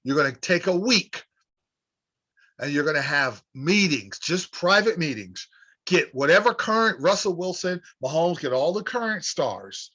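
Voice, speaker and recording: A man's voice: fairly high pitch, lively intonation, unhurried, sharp tone, breathy edge, muffled recording. A man hosting a sports radio show, delivering an emphatic opinion monologue with repeated rallying phrases.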